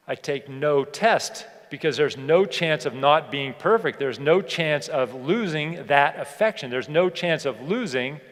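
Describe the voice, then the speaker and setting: A man giving a motivational keynote speech to an audience. He asks them rhetorical questions and slows down to stress key points. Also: mid-range voice. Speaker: keynote speaker. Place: large hall on stage. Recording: long hall reverb.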